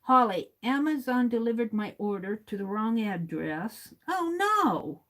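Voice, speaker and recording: A woman hosting a casual livestream, reading viewer comments aloud, chuckling often and thinking out loud. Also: mid-range voice, moderate pace, poor audio. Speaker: livestream host.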